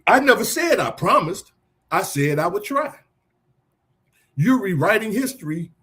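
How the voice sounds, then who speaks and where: A man's voice: high voice, big pitch swings, unhurried, pushed and bright, exaggerated voice. A man reading a defensive husband. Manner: reads the lines plainly, scripted. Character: defensive husband hiding behind therapy talk.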